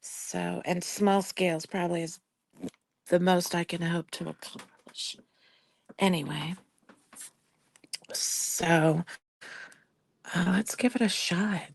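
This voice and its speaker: A woman with a hoarse, fading voice, talking softly and often half-whispering during a casual livestream while she paints at her home desk, tearful and grieving. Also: on the low side, fairly even intonation, slow pace, long pauses, no room sound.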